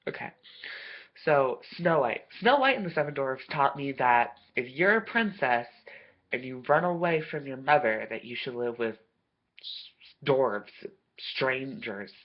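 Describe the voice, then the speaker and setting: A vlogger ranting to camera in a profane, sarcastic way, swearing constantly and breaking into loud bursts of outrage. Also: mid-range voice, expressive, measured pace. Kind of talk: profane comedic rant to camera. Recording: dull lo-fi recording.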